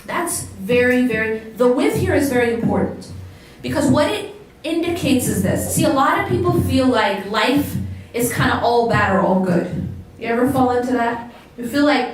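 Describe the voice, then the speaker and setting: A woman's voice: a little high, very animated, normal speed, hardly any pauses, a little hiss or hum. Woman lecturing in an echoey hall. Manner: engaging, asks the audience questions. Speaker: Islamic lecturer. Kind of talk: religious talk to a live audience. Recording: echoey hall, voice picked up from a distance.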